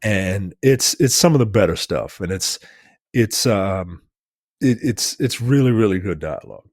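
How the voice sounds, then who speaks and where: A man co-hosting a relaxed film review conversation, his voice sitting at an ordinary mid pitch. He talks loosely, circling back with "like" and "right?" as he walks through scenes. The sound is dry and close, with no room around it. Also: unhurried, no echo. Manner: casual, animated retelling of scenes with acted-out quotes. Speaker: film review podcast co-host. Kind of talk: casual conversational film discussion.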